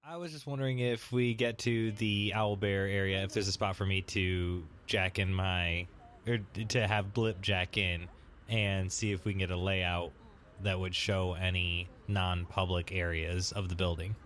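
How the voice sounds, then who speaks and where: A man's voice: deep voice, steady tone, a little slow, fairly bright tone, slight background noise. A man playing in a tabletop game, joking and easygoing. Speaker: player. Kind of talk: tabletop role-play.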